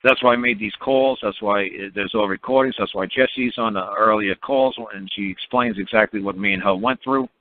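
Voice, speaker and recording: A man's voice: on the low side, normal speed, few pauses, slight background noise. A man telling stories in a blunt, emphatic, repetitive way on a call-in radio show, often laughing at his own stories. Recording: tinny phone-line radio audio.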